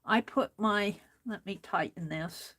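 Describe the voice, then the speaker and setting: A woman's voice: mid-range voice, slow pace, fairly bright tone, slightly rough. A woman hosting an art journaling demonstration, talking to herself as she stitches in a book and getting mildly frustrated. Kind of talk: casual crafting demonstration.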